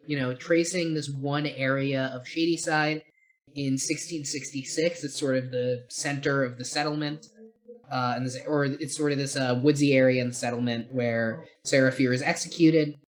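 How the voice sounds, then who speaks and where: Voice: medium pitch, fairly even intonation, moderate pace. Opinionated podcast co-host reviewing a film. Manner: rambling, opinionated, swears casually. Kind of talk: casual film review chat.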